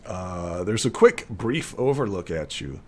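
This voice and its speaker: A young man runs a tabletop game in a lowish voice. His narration rambles along, full of fillers and restarts. He describes the scene in a loose, casual way. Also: big pitch swings, measured pace, a little mellow. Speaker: game master.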